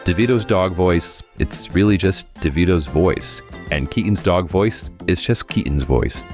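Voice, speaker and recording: A man with a low, deep voice hosts a comedic review of bad movie sequels. His delivery is wry and sarcastic, and faint music runs quietly behind him. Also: unhurried. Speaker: host.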